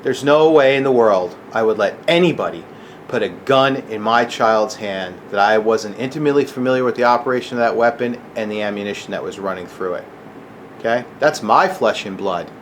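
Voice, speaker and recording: A man's voice: fairly low pitch, a little fast, slight background noise. A middle-aged man ranting angrily to camera, agitated and profane, keeps asking "okay?". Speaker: gun channel vlogger. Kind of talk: angry rant to camera.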